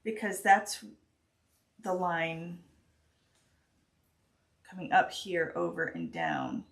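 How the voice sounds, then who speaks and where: A woman teaching a stitching project on a live stream, talking slowly and hesitantly with many pauses and restarts while she works. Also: fairly low pitch, huge pitch swings. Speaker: craft teacher.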